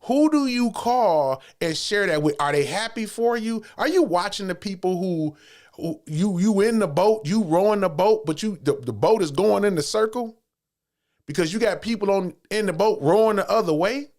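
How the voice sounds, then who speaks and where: A man's voice: high voice, animated, moderate pace, a little mellow. A man hosting his own channel, delivering a repetitive, preachy motivational monologue full of stammered restarts. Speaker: channel host.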